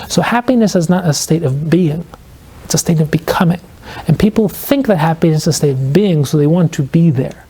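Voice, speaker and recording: A man, an author guesting on a podcast, explaining his ideas earnestly and reflectively, slowing down to stress key points. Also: on the high side, lively intonation, darkish tone, breathy edge. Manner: fills speech with "like" and quoted inner questions.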